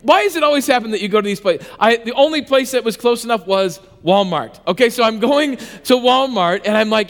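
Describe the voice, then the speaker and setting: A male pastor with a high, light voice delivers a sermon in a church hall where his words ring out with long reverb. He talks like a self-mocking storyteller, animated and conversational, often stumbling and restarting before landing a point. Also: a little fast, hardly any pauses. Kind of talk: sermon with a comic personal story.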